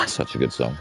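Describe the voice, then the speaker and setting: A man talking casually on a live stream, rambling and swearing as he rants. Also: deep voice. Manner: rambling, profane, heated ranting.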